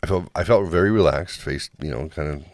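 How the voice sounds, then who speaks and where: A man with a very low voice tells a comic story in a loose, chatty way, slipping into crude jokes. The recording is close and dry, with no room sound around him. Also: brisk, dry recording. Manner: crude jokes, acts out others' lines. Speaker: podcast co-host. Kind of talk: casual comedic storytelling.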